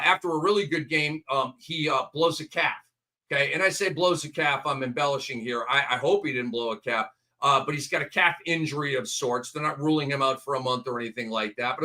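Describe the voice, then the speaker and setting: A man hosting a late-night fantasy basketball talk show, talking in an energetic, emphatic, ranting way. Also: a little high. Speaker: host.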